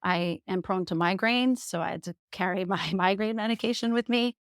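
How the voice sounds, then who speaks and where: A woman in her thirties from the Jersey Shore, a podcast guest candidly telling her own story with lively laughter. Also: medium pitch, moderate pace, no room sound, studio quality. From Jersey Shore, USA.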